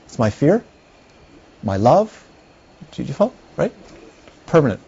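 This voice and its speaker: A man's voice: a little high, sing-song, a little slow, creaky, pauses often, warm tone, husky. Rambling middle-aged man lecturing on a dull recording. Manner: rambling, conversational, checks in with listeners. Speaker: Buddhist teacher. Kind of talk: lecture to a class.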